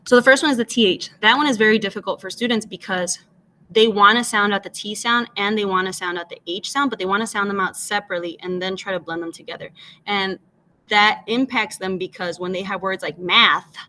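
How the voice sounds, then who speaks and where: A woman's voice: mid-range voice, fairly quick, pushed and bright. A woman teacher patiently explaining phonics, switching between English and Spanish and modeling each letter sound aloud. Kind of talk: bilingual classroom phonics explanation.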